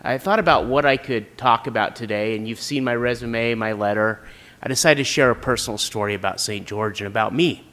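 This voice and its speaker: A man's voice: mid-range voice, brisk, fairly bright tone. Earnest man giving a prepared speech. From Utah, USA. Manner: earnest, with frequent filler sounds. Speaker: applicant for a city council seat.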